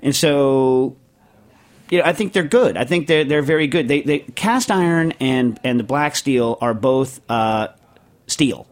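A man's voice: medium pitch, unhurried. A middle-aged man hosting a podcast, reading a listener question and rambling through his answer with jokes, fillers and restarts. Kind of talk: casual chat.

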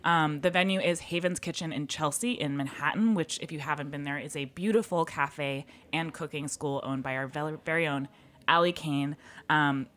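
A woman's voice: deep voice, normal speed, fairly bright tone. A woman co-hosting a radio show in a studio, playful and enthusiastic as she reads announcements. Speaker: radio program manager and co-host. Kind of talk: casual studio chat, reading announcements. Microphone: studio microphone.

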